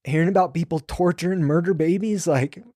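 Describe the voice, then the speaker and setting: A man's voice: fairly high pitch, a little fast, dark tone. A man in his thirties recalls his years as a prison sergeant in loose, profane chat. He slips in and out of the voices of the people he talked to. The sound is dry and close with no room echo. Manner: loose and profane, acts out quoted dialogue. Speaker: former prison sergeant, podcast guest. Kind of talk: casual storytelling conversation.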